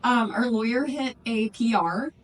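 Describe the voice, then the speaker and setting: A young woman co-hosting a podcast in casual chat, teasing and reacting quickly. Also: fairly high pitch, distant mic, low-quality recording. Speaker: podcast co-host.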